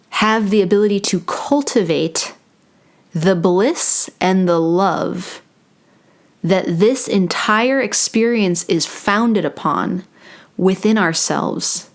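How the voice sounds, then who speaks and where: Woman, very slow delivery, mid pitch, soft and reflective, playful asides, close mic. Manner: unhurried and soft, with playful self-mocking asides. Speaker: meditation and spiritual channeling host. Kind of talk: slow reflective spiritual talk with channeled passages. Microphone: close microphone.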